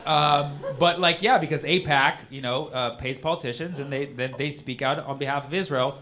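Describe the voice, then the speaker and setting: A man's voice: medium pitch, fairly quick, few pauses, heavy background noise. A male stand-up comedian on a club stage, talking in a rambling, conversational way full of "like" and "man". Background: audience laughter.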